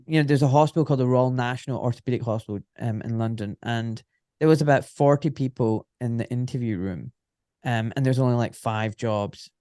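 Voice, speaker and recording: A man's voice: mid-range voice, darkish tone, no room sound, clean studio sound. A Scottish man in his forties, an orthopaedic surgeon, telling stories in a casual, rambling interview full of filler phrases. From Scotland.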